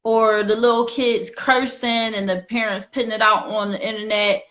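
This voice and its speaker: A woman's voice: medium pitch, level tone, normal speed, a bit bright. A woman hosting a casual discussion show who speaks in an earnest, informal and opinionated way. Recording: slightly dull lo-fi sound.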